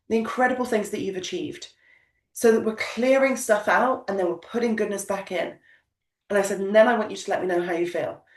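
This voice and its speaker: Emphatic woman coaching, echoey room. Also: mid-range voice. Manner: emphatic, repetitive, motivational. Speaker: business coach. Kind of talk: coaching session talk. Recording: echoey room, distant mic.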